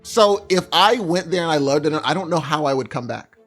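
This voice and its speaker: A man's voice: fairly high pitch, expressive, a little fast, a bit bright, soft background music. A man co-hosting a podcast in casual chat, playful and teasing, laughing easily. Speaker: podcast co-host.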